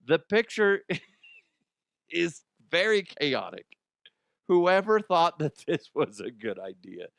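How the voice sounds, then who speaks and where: A man's voice: fairly high pitch, fairly bright tone, no room sound, clean studio sound. A man hosting a comedy news show, rambling and swearing through odd headlines in disbelief. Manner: profane, rambling, incredulous. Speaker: comedy news podcast host. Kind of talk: casual comedic news commentary.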